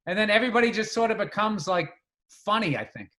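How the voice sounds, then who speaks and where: A man from the greater area, chatting on a podcast in a profane, animated storytelling way. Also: high-pitched, quick pace. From greater Boston area. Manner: profane, animated storyteller who acts out sounds. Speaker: podcast co-host. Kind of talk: casual chat.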